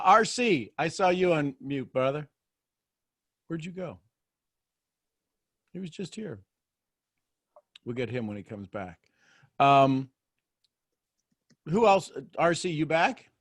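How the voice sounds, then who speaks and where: A man's voice: a little high, lively intonation, slow, long pauses, a bit bright, no room sound, studio quality. A man hosting a group video call, upbeat as he calls on people one by one. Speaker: host. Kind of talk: casual call moderation.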